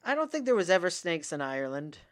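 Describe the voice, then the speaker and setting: A woman co-hosts a casual comedy podcast, trading dry, deadpan asides and short replies. Her voice sits lower than most women's, but her pitch still moves a lot from line to line. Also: fast talker. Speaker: podcast co-host.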